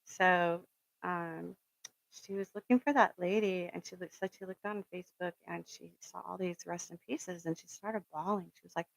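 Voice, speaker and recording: Gravelly, low-voiced woman telling a rambling story. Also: steady tone, normal speed, no room sound, poor audio. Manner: rambling and storytelling, with many fillers; earnest and fired up, swears for emphasis. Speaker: spiritual reader and channel host. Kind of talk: casual motivational talk.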